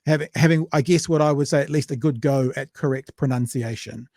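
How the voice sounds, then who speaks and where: A man's voice: mid-range voice, fairly quick, creaky, a little mellow, no echo, clean studio sound. A man with a New Zealand accent, co-hosting a podcast and telling rambling, anecdotal stories, sometimes with swearing. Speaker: podcast co-host. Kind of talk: casual chat.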